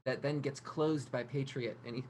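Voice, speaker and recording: Low-pitched lady gm, easygoing narration, lots of uhs, slight background hum. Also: moderate pace. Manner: relaxed, filler-heavy narration. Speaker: game master. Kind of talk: narrating a tabletop game.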